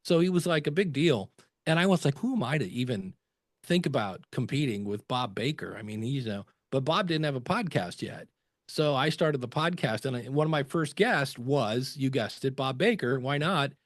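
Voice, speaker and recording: A man guesting on a podcast, telling relaxed stories and acting out quotes from other people. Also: mid-range voice, normal speed, no echo, studio quality. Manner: chatty anecdotes with acted quotes. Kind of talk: conversational interview storytelling.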